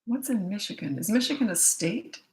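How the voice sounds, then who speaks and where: A woman's voice: medium pitch, animated, a little fast, darkish tone, low-quality recording. A middle-aged woman who works as a parenting coach chats casually on a livestream, greeting viewers by name and place with jokey asides.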